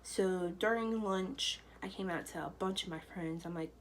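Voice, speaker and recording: A woman's voice: mid-range voice, normal speed, few pauses, slight background noise, poor audio. A young woman telling a personal story to camera in a loose, chatty way, full of fillers. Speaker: vlogger.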